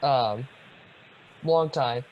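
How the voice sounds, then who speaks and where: A man's voice: medium pitch, very slow, highs cut off, slight background noise. A young man co-hosting a podcast, telling a long story in a casual, rambling way with lots of ums and restarts. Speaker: podcast co-host. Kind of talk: casual chat.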